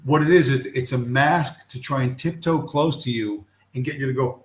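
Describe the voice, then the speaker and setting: A man's voice: medium pitch, moderate pace, few pauses. A middle-aged man hosting a casual livestream, ranting bluntly with heavy profanity. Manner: blunt, heavily profane, heated. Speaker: livestream host. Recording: roomy echo.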